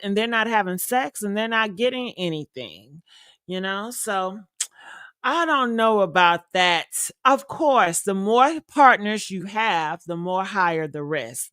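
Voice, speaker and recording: A woman's voice: medium pitch, fairly bright tone, no room sound, clean studio sound. A woman hosting a casual gossip podcast, chatty and leaning on "you know" as she talks. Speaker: podcast host.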